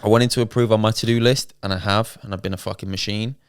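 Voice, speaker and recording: Laid-back young man, smooth voice. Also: fairly low pitch, steady tone, quick pace, no room sound, clean studio sound. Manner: laid-back banter, swears and laughs often. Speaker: podcast co-host. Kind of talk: casual chat.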